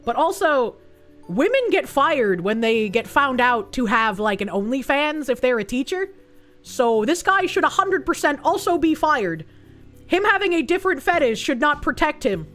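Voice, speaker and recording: Woman streamer, high voice, casual and profane, faint music in the background. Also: sing-song, moderate pace, fairly bright tone. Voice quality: profane, exasperated outbursts.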